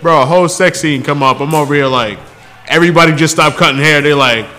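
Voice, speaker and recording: A man hosting a casual podcast chat, telling a story in a lively way and acting out the people he quotes. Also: fast talker, soft background music. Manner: lively, acts out quotes with big pitch jumps.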